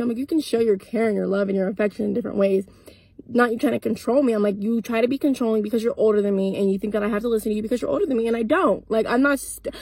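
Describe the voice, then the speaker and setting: An eighteen-year-old woman tells a storytime vlog to her followers, blunt and casual, cursing and acting out both sides of the arguments. Her voice is a touch high and husky. The sound is dry and close. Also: fast, no room sound. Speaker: content creator.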